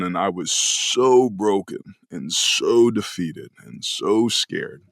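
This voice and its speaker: Deep-voiced man telling an earnest story. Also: slow, creaky, hardly any pauses, no room sound, studio quality. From California, US. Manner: earnest, emotional, reflective. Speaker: podcast guest, former pro football player. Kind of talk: casual storytelling conversation.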